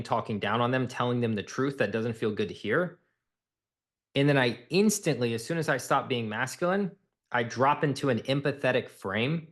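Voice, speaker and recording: Blunt, emphatic male sales coach. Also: mid-range voice. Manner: blunt, emphatic, repeats phrases for effect.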